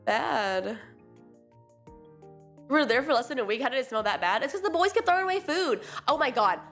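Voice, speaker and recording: A young woman streamer with a slightly high voice tells lively, animated stories, putting on little voices for quotes and laughing often. Faint music plays behind her chat. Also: a little fast. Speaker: VTuber streamer. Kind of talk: casual chat with friends on stream.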